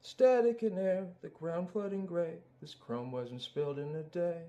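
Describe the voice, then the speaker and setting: A man's voice: a little high, unhurried, dark tone. A man doing a swaggering rapping bear. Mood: brooding. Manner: rhythmic rap delivery in a put-on accent. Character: swaggering cartoon bear rapper, male. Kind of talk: sung and rapped musical number.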